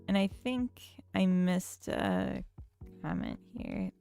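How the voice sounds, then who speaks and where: Slow, gravelly-voiced woman streamer. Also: lowish voice, huge pitch swings, warm tone, faint music behind. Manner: unhurried, chats with viewers and reads their comments. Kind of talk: casual chat while coding on stream.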